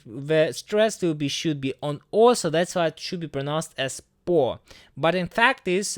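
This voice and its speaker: A man with a Russian accent teaching the language, reading example words slowly and deliberately. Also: fairly high pitch, no echo, studio quality. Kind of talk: language lesson explaining a sign.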